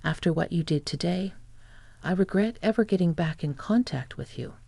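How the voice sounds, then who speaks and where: A woman's voice: fairly low pitch, moderate pace, creaky, mellow, dry recording. A woman voicing a furious grown son who scolds his mother in a stern voice.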